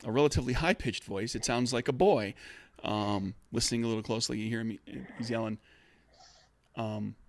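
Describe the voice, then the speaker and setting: A man's voice: medium pitch, fairly even intonation, fairly quick, no room sound. A man narrates a tabletop game as game master. He talks in a loose, rambling way, backtracking and restarting his sentences as he describes the scene. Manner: rambling, many fillers and restarts.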